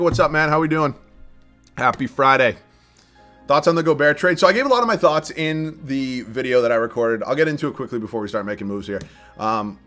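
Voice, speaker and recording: A man's voice: medium pitch, fairly bright tone. Chatty young man streaming a game. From southern Massachusetts. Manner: chatty, thinks aloud, laughs often, reads viewer chat. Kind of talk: casual live-stream commentary.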